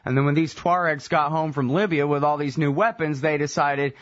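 A man's voice: fairly high pitch, steady tone, brisk, no echo. A man hosting a radio talk show, blunt and sarcastic, swearing casually as he asks questions. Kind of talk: radio discussion. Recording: dull band-limited radio audio.

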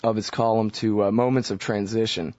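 A man's voice: lowish voice, fairly even intonation, brisk, a little mellow, dry recording, lo-fi sound. A man hosting a talk radio show alone, speaking casually and loosely with frequent "uh" fillers. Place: radio studio. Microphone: studio microphone.

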